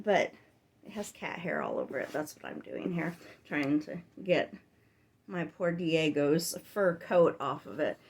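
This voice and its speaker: A woman giving a casual reading update on her book channel, chatty and rambling, full of tangents and filler words. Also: mid-range voice. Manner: chatty and exasperated when complaining. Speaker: book vlogger.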